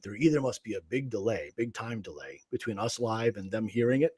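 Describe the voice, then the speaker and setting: A man's voice: on the low side, expressive, fairly quick, darkish tone. A man teaching guitar rhythm on a livestream, patiently explaining and counting beats aloud. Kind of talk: livestream music lesson.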